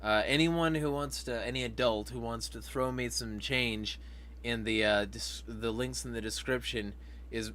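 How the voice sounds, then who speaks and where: A man hosting a casual livestream vlog at a mid-range pitch. He swears a lot, laughs between remarks and reacts out loud to viewer comments. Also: steady tone, measured pace, a little hiss or hum. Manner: profane, laughing, reads chat comments aloud. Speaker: vlog host.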